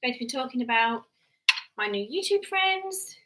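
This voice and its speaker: A woman live-streaming from home, chatting in a rambling way and slipping into a soft mum voice while tidying toys. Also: high voice, lively intonation, normal speed, heavy background noise. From United Kingdom. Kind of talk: casual live-stream chat. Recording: loud clatter of toys and dishes.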